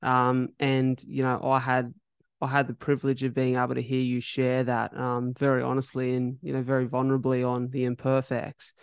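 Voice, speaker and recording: A man hosting a podcast, asking questions in a soft-spoken, careful way, with many fillers. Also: medium pitch, monotone, moderate pace, smooth, no echo, dull audio. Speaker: podcast host. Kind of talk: gentle interview questions.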